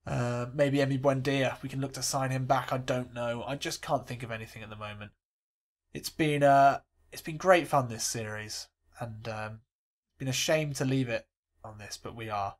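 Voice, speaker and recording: A man hosting a let's play, calling a football game like a commentator, swinging between excitement and glumness. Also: mid-range voice, moderate pace.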